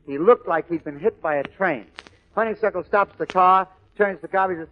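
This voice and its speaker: Brief: man, comedian, clipped joke-telling monologue, high voice, lo-fi old radio sound. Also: moderate pace. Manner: punchy storytelling in short clipped beats. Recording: lo-fi old radio recording, faint hiss.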